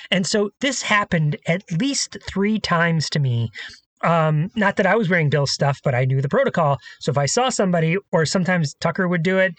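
A man co-hosting a podcast, telling stories in a lively, casual way. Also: high voice, no room sound. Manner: animated storytelling, chants sports cheers. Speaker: podcast co-host.

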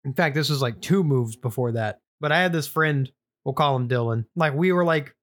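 A man's voice: mid-range voice, normal speed. A young man co-hosting a casual podcast, joking and reacting to his friend's stories. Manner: reactive, joking, laughs a lot. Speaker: podcast co-host. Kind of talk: casual chat.

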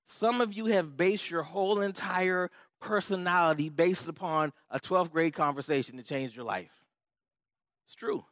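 A pastor preaching a conversational sermon, repeating key words for emphasis and checking in with the congregation. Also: male voice, fairly high pitch, normal speed, few pauses, a bit bright, no echo. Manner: repetitive, emphatic phrasing.

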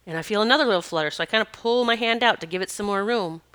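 A woman with a bright, ringing voice tells a personal story in a loose, chatty way. She drifts into asides and fills her speech with "you know." Her tone stays clean and crisp. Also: medium pitch, very fast. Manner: rambling and conversational, with many asides and "you know". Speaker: animal communicator and healer.

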